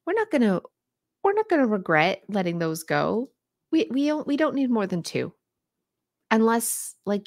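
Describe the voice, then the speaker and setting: Woman host, live-stream chat, playful and frank, mid-pitched voice, dry close sound. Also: no room sound. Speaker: decluttering livestream host. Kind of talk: casual livestream chat reading comments.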